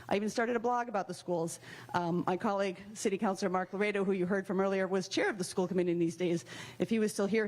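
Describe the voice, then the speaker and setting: A woman city councilor giving firm, earnest testimony at a public hearing, at times emotional. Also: medium pitch. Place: high school meeting hall.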